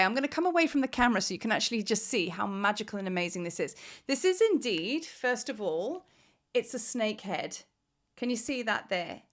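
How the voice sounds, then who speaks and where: A woman's voice: on the high side, fairly bright tone. Heartfelt woman rambling to her camera. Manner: rambling, heartfelt, trying not to cry. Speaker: spiritual teacher and priestess. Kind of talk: casual vlog talk to camera. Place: at home in Cape Town.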